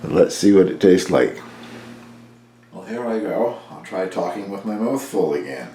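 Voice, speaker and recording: Very deep voiced guy chatting about his baking at home, easygoing, kinda rambly, echoey kitchen with noise behind. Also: normal speed. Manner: relaxed and rambling, with fillers. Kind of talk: casual home cooking talk. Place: home kitchen and dining room. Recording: echoey room with background noise.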